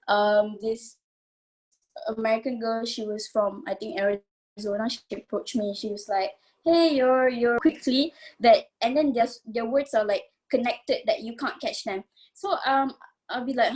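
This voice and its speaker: A woman's voice: on the high side, darkish tone. A young woman from Malaysia speaking as a panelist in an online forum, talking earnestly and casually with many fillers over a video call.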